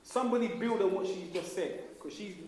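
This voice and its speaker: High-voiced man teaching an echoey classroom. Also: a little fast, a little hiss or hum. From Caribbean. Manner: energetic, questioning, repeats pupils' answers. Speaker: teacher leading a class discussion. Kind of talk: classroom discussion with pupils. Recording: echoey room from far off.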